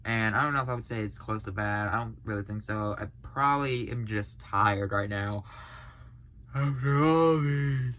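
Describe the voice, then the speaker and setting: A man's voice: fairly low pitch, moderate pace, a bit bright, lo-fi sound. A man hosting a reaction video, sounding tired and yawning, talking hesitantly with sighs and trailing sentences. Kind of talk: casual reaction commentary.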